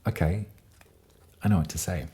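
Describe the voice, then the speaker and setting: A man giving a gentle, meandering tarot and astrology reading to his viewers. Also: sits low, moderate pace. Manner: gentle, meandering, with frequent fillers. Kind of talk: casual tarot reading to camera.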